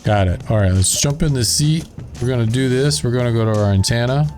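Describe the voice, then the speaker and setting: A man's voice: mid-range voice, a little fast, darkish tone, faint music behind. A man with a Southern drawl chatting casually as he plays and narrates a building game, thinking aloud as he works. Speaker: gaming channel host.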